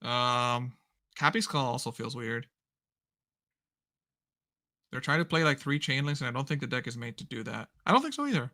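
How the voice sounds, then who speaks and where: A man from Puerto Rico co-hosting a card-game stream, thinking out loud in loose, casual chat. His voice sounds bright and forward. He trails off and restarts often while keeping up with the chat. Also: medium pitch, big pitch swings, moderate pace, pauses often. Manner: rambling, self-correcting, reads chat aloud. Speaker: stream co-host.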